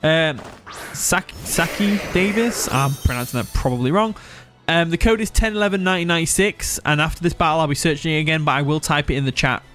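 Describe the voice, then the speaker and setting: A man's voice: fairly high pitch, fairly quick, a bit bright, faint music behind. A young man from England, giving casual live commentary on a game, reading chat aloud and laughing often. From Nottinghamshire, England. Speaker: streamer.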